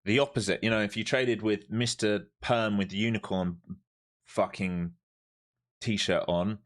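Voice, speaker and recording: A man doing live trading stream commentary, animated and swearing freely as he talks through the chart. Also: on the low side, moderate pace. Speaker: live-stream day trader.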